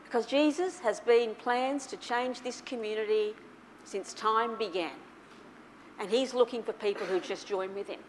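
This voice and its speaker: A woman preaches in a fairly high voice, moving from hushed, reflective moments to loud, excited bursts as she tells a personal story. Faint room noise sits under her voice. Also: moderate pace. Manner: animated storytelling, swings from soft to loud. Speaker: pastor. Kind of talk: sermon.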